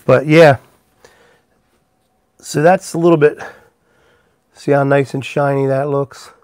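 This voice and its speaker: A pipe maker hosts a casual live stream from his workshop, rambling easily as he works and greeting viewers in the chat by name. His medium-pitched voice is flat, slow, and a little mellow, with no room sound.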